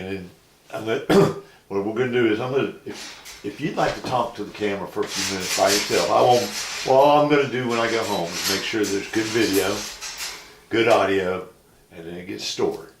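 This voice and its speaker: Interviewer, gentle and reassuring; recorded far from the mic in a roomy space with faint hiss. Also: low-pitched, fairly quick. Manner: gentle, reassuring, frequent agreeing. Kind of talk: interview questions. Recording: echoey room, distant mic, faint noise.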